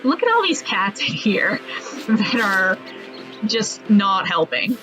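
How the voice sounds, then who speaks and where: A let's play gamer gives casual commentary while she plays, chatty and jokey about the game and laughing often. Her medium-pitched voice swings widely and moves slowly over music, in slightly muffled lo-fi audio.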